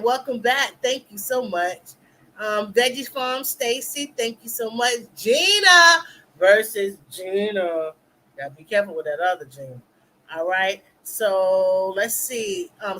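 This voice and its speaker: Woman, middle-aged, live stream host, chatty, greets the chat, mid pitch, faint noise behind. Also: fairly bright tone, poor audio. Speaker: livestream talk show host.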